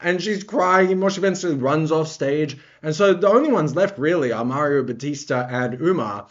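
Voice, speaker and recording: A man's voice: a little high, moderate pace, highs cut off. A man giving casual, rambling reaction commentary on fights as a vlogger. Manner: rambling, excitable.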